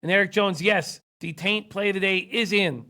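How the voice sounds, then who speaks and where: A man's voice: high voice, normal speed, pushed and bright. A man hosting a sports betting show, losing his voice, reading viewer comments and rattling off stats. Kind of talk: casual sports betting talk.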